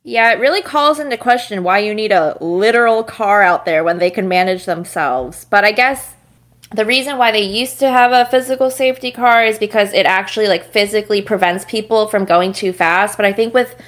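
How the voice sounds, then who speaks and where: A woman's voice: medium pitch, a little fast, fairly bright tone. A woman co-hosting a casual podcast, talking through a race in a chatty, analytical way with frequent laughs. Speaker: podcast co-host. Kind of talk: casual chat about motor racing.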